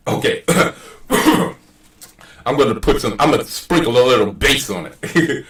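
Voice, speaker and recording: A man's voice: mid-range voice, expressive, takes it slowly, fairly bright tone, roomy sound, far from the mic. A man hosting his own channel in a heated casual rant, profane, emphatic and argumentative. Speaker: channel host.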